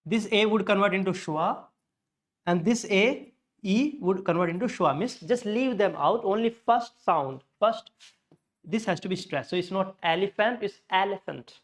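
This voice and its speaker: A man with an Indian English accent teaching pronunciation, patiently repeating words slowly to show where the stress falls. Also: high-pitched. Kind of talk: classroom lesson on word stress.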